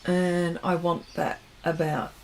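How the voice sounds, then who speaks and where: A woman's voice: fairly low pitch, little pitch movement, slow, a little hiss or hum. A woman hosting an art livestream, chatting casually while she paints and reading viewers' comments aloud, often trailing off mid-sentence.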